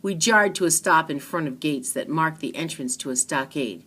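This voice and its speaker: A woman reading a children's book aloud in an earnest, expressive storytelling manner. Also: sits low, normal speed, few pauses, breathy edge. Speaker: reader.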